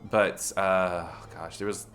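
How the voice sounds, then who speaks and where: A man's voice: low-pitched, flat delivery, slow pace, fairly bright tone. A man streaming a video game and chatting casually while he plays, rambling and restarting his sentences often. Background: faint game music.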